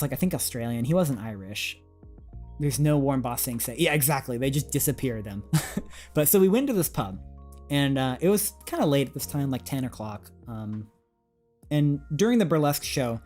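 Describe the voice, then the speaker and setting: A man's voice: mid-range voice, a little mellow. Rambling man telling a casual story. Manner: rambling, fillers, frequent "like", chuckles. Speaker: streamer. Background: faint music.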